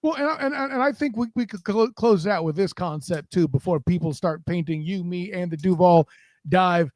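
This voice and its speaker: A man co-hosting a football podcast in loose, casual chat. His voice sits high for a man, and it sounds close and dry. He rambles, stumbling over repeated words before he lands his point. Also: moderate pace, a little mellow, no room sound. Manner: rambling, with frequent stammered restarts. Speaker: podcast co-host. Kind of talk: casual sports talk.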